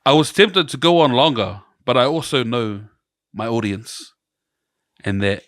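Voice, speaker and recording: A man with a New Zealand accent, co-hosting a casual podcast chat, relaxed and storytelling, laughing often. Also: medium pitch, measured pace, dry recording, studio quality. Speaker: podcast co-host.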